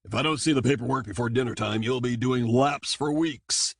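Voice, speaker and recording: A man voicing a gruff male great white shark captain, barking military-style questions in a husky voice. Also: medium pitch, fairly quick, dry recording, clean studio sound, lightly acted.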